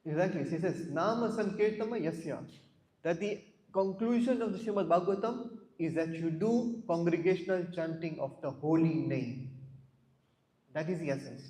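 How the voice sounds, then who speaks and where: A man's voice: fairly high pitch, moderate pace, warm tone. A man giving a scripture class, asking the listeners questions and telling stories, often repeating words. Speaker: class speaker. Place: temple hall. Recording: echoey hall.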